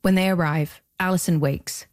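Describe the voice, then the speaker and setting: A woman hosting a podcast, giving measured, scripted documentary narration. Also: on the low side. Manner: measured, even storytelling delivery.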